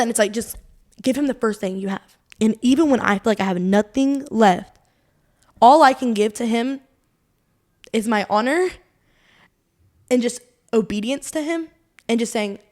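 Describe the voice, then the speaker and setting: A young adult woman co-hosting a casual faith podcast, sharing a personal testimony in an earnest, rambling way, full of "like" and quoted inner thoughts. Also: a little high. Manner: earnest, rambling, heavy use of "like"; quotes her own thoughts aloud, laughs often. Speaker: podcast co-host.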